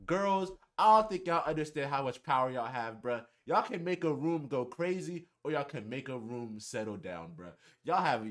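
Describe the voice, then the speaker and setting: A young man telling a casual storytime on his channel, animated and heavy on profanity and slang. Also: mid-range voice, normal speed, hardly any pauses. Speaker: vlogger.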